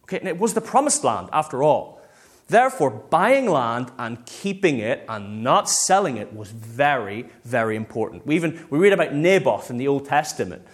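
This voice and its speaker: Lively preaching man, animated pitch. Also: moderate pace. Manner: lively, conversational preaching with acted-out quotes. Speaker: pastor. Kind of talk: sermon.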